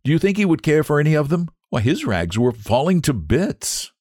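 A man voicing a kind, carefree young gentleman who speaks earnestly and sympathetically. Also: a little high, sing-song, normal speed, no echo, clean studio sound, voice pushed up. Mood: sympathetic.

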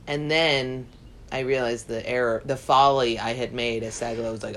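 A young woman in casual chat, telling a story in an animated way and laughing often. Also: a bass voice, quick pace, slight background noise.

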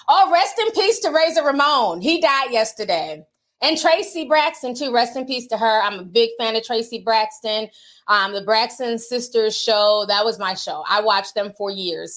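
A woman's voice: sits high, bright, forceful tone. A woman hosting a casual livestream, chatting and reading out viewer super chats, laughing often.

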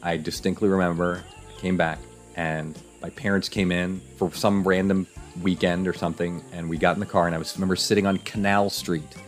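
A man guest on a podcast, telling a personal story in a casual, animated way, acting out his parents' voices. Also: sits low, brisk, hardly any pauses, faint music behind.

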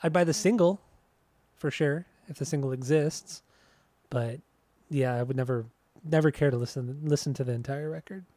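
A man's voice: on the high side, normal speed, mellow, dry recording. A young man co-hosting a casual chat, teasing his friend, laughing often and swearing casually. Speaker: podcast co-host.

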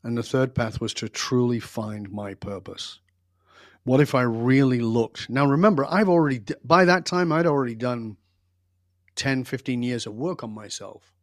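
A man's voice: medium pitch, normal speed, no room sound, clean studio sound. An older man, a podcast guest, telling stories from his life in an emphatic, intense and blunt way. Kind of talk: reflective storytelling in an interview.

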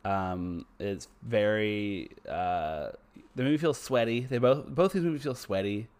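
A man co-hosting a podcast in casual chat, excitable, swearing and trailing off mid-sentence. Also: on the low side, unhurried. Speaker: podcast co-host.

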